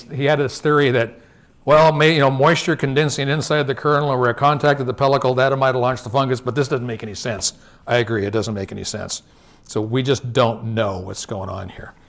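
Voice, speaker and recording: Man giving a chatty slide presentation. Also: medium pitch. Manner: conversational, checks in with frequent "okay?"; tells field anecdotes. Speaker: industry presenter. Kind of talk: live slide presentation to growers.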